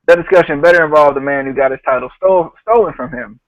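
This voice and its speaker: A man's voice: on the high side, quick pace, no room sound, highs cut off. A man hosting a podcast, casually retelling a show and laughing often as he quotes people. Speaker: podcast host.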